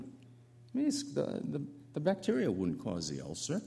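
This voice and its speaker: A man giving a medical lecture over slides, telling the story in an animated, conversational way with asides to the audience. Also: mid-range voice, normal speed, creaky, breathy edge.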